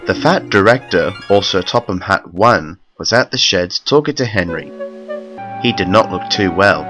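Low-voiced male storybook narrator. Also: animated, moderate pace, a bit bright, soft background music.

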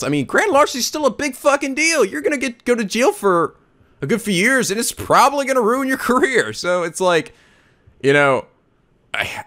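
A young man giving excitable, laughing let's play commentary and putting on silly voices for the game characters. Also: fairly high pitch.

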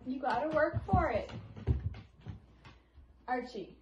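A woman in her twenties vlogging at home, giving her dog commands in a raised pet-talk voice and chatting quietly to the camera. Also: medium pitch, a little slow, long pauses, slight background noise, rough recording. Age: 20s. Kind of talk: casual vlog, training her dog. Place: home, indoors.

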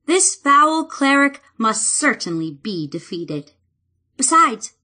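A woman voicing an earnest, devoted young woman druid in an audiobook, speaking softly and heartfelt. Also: mid-range voice, heavily acted. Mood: hopeful.

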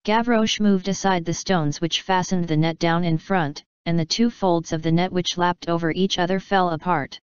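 Woman narrator for a classic audiobook; measured, crisp, dry close sound. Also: lowish voice, fairly even intonation, dry recording, muffled recording. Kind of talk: scripted narration of a classic novel.

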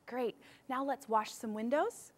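A young woman with a somewhat high voice, speaking a little slowly, teaches a children's music lesson. She cheerfully leads warm-ups and call-and-response drills.

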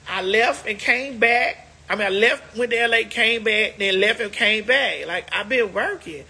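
A woman's voice: mid-range voice, moderate pace, hardly any pauses, pushed and bright, husky. A woman hosting a casual livestream, chatting to viewers in a sassy, emphatic way, stretching words out for effect. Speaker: livestream host.

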